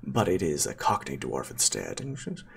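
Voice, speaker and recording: Deep gravelly male game master, animated and playful. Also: moderate pace. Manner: playful, loose narration with many fillers. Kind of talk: narrating a tabletop game.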